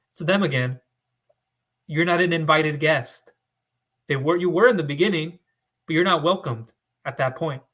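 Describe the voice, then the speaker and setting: A man's voice: a little high, fairly bright tone. A man who works as a business loan broker, talking straight to his audience in an emphatic, repetitive, conversational way. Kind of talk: direct-to-camera advice talk.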